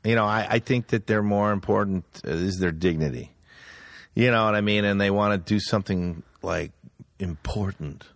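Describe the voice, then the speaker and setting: A man's voice: on the low side, normal speed, no room sound, studio quality. A man chatting casually, laughing through his stories and putting on voices to quote old comedies, swearing freely. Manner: laughing storyteller, quotes movie lines in put-on voices. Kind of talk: casual chat.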